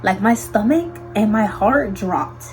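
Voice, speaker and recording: A young woman vlogger telling a storytime in an animated, slangy way with lots of fillers. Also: mid-range voice, takes it slowly, faint music behind, poor audio. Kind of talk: storytime vlog.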